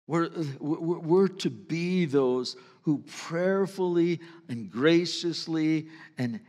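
Male pastor, somewhat high voice, earnest and conversational, long hall reverb. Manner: earnest, conversational preaching with sudden drops to a hush. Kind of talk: sermon. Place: church sanctuary.

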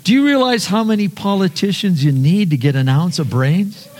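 A man's voice: sits high, lively intonation, normal speed, big-room sound, background noise. A male pastor preaching a conversational sermon, earnest, often repeating words and asking the congregation questions.

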